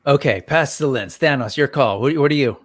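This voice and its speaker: Male host, casual upbeat rambler, mid pitch, dry room. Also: fairly quick, a bit bright, dry recording. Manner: rambling, upbeat, many ums, greets chat viewers by name. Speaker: host of a toy news livestream. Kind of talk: casual livestream chat.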